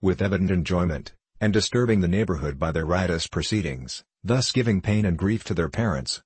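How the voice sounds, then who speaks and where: A stern, pompous old minister lectures in formal, indignant sentences, as a man reads him. The voice is deep and husky and sits dry and close. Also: no echo.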